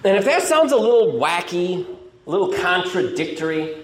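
A man's voice: sits high, normal speed. A man preaching a sermon as a pastor, explaining scripture in a conversational teaching manner. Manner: conversational teaching, lively rising and falling delivery. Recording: echoey room, faint noise.

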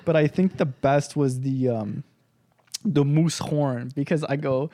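A man's voice: a little high, measured pace. A man co-hosting a podcast, telling stories in casual chat, acting out quoted lines with frequent laughs. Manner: animated storyteller, acts out quotes, laughs often. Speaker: podcast co-host.

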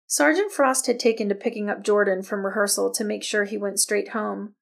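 Woman narrator, audiobook, scripted narration, gravelly texture, mid-pitched, steady. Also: a little fast.

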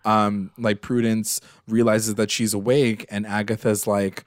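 A man's voice: on the low side, unhurried, hardly any pauses, no echo, clean studio sound. A man co-hosting a podcast, chatting casually as he recaps a TV episode, with lots of fillers and emotional retelling. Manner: animated, filler-heavy, retells scenes with emotion. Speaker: podcast co-host.

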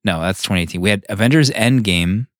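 A man's voice: lowish voice, fast, no echo, clean studio sound. A man co-hosting a comics podcast, chatting casually and wryly about old episodes. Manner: wry, reminiscing, lots of laughs. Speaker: podcast co-host. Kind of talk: casual chat.

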